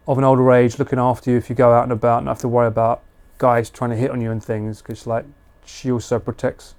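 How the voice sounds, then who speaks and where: A man's voice: mid-range voice, a little mellow. A British man chatting casually and slangily with viewers on a live stream. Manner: chatty, laid-back, slangy.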